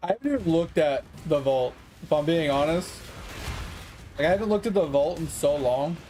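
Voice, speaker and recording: A man's voice: a little high, animated, normal speed, dark tone, slight background noise. Frustrated young man streaming a game. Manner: frustrated, swearing, talks to chat while playing. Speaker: gaming streamer. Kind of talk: casual gameplay commentary.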